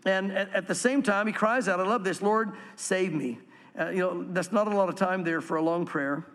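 A man preaching a sermon as pastor, earnest and swinging from animated to hushed. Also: sits high, fairly quick, in a large hall.

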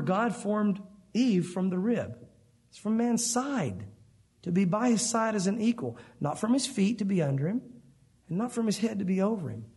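A man's voice: sits high, a little mellow. A male pastor preaching a sermon, speaking emphatically and asking the congregation rhetorical questions.

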